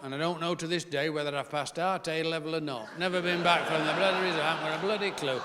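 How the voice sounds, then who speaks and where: Punchy older Derbyshire storyteller. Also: male voice, fairly high pitch, steady tone, fast talker, few pauses, sharp tone, in a large hall. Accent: Northern English, Derbyshire. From Chesterfield, England. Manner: comic, punchy, rhetorical repetition. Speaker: after-dinner speaker, former cricketer. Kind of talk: storytelling speech to an audience. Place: large hall with live audience.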